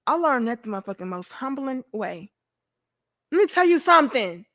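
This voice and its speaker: A woman's voice: sits high, normal speed. A young woman hosting a talk show, telling a candid, profane story to her viewers. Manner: animated, profane, talks to herself. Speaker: podcast host.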